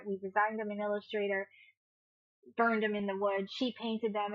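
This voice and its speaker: A woman chatting upbeat and easy as a guest on a stream. Her voice sits at an ordinary pitch, and the recording sounds a little dull. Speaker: interview guest. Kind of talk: casual interview chat.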